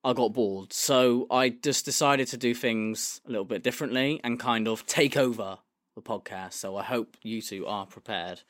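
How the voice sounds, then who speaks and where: A man of ordinary pitch hosts a laid-back podcast with blunt, jokey banter. He swears often and teases his co-hosts. The sound is close and dry. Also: moderate pace, a bit bright, dry recording. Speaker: podcast host. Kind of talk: casual chat.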